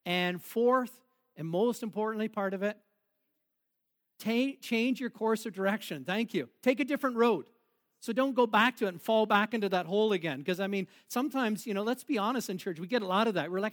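In a high, fairly quick voice with a slightly bright tone, a male pastor delivers a sermon. He's jokey and playful, sharing laughs with his congregation.

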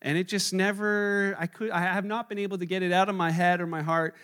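A pastor giving a conversational, animated sermon, often acting out the people in his stories. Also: high voice, a little fast, smooth.

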